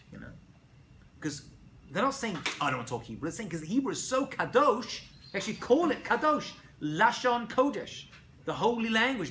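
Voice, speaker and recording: Rabbi guy giving a class, kinda high voice, keeps asking "right?", lively. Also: a little hiss or hum. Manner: animated, asks students questions, frequent "right?". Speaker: rabbi lecturing students. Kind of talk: casual classroom lecture. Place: college lecture room.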